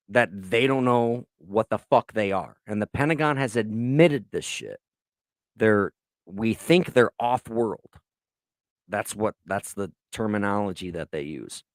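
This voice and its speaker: A man hosting a podcast in casual chat, rambling excitedly and swearing often. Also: on the low side, no echo. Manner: profane, rambling, excitable storytelling. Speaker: podcast host. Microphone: laptop recording.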